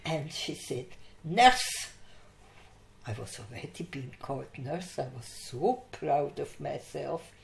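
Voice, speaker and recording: A woman's voice: very deep voice, measured pace, creaky, hardly any pauses, darkish tone. An older woman from Austria, interviewed for an oral history, telling a long anecdote with frequent laughter. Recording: echoey room.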